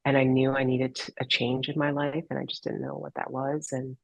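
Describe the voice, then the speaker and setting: Woman guest sharing her life story, earnest, searches for words, husky voice. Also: extremely low pitch, flat delivery, a little fast, no echo, dull audio. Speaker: podcast guest, holistic healer. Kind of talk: heartfelt personal story in a podcast interview.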